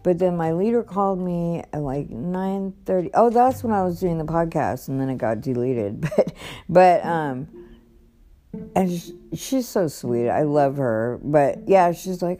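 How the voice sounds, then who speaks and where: A woman's voice: lowish voice, lively intonation, a little slow, dark tone, soft background music. A woman talking casually about her own life on a podcast, rambling with many fillers and restarts. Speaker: podcast host. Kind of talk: casual personal storytelling.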